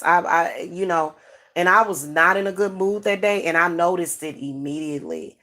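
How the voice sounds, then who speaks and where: A woman's voice: on the low side, normal speed, a bit bright. A middle-aged woman, talking frankly and casually to her viewers, with many restarts and fillers. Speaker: spiritual advisor and channel host.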